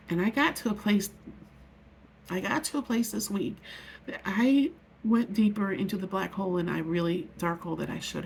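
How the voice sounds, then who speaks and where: A woman's voice: fairly low pitch, vocal fry, slight background noise. A middle-aged woman telling a personal story in an earnest, heartfelt, rambling way, often restarting her sentences. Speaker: vlogger. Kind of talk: emotional personal vlog.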